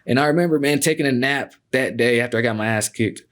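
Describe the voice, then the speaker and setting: A man speaks in an easy, mid-range voice, rambling through stories at a relaxed clip. He drops "man" constantly and swears freely, sounding comfortable and unpolished. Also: medium pitch, quick pace. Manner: laid-back, peppers speech with "man" and cussing. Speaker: guest, MMA fighter. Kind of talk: casual storytelling.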